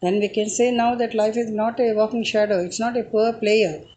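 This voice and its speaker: A woman giving a reflective spoken talk, hesitant and pausing often on filler sounds. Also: on the high side, fairly even intonation, warm tone, a little hiss or hum, rough recording. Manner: hesitant, with frequent filler pauses. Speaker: speaker giving a short talk.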